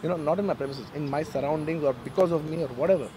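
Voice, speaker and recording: A man's voice: fairly high pitch, very fast, noisy background. A man giving an earnest, emotional statement to reporters, often repeating himself. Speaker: film actor speaking to the press. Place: outdoor garden during a press meet.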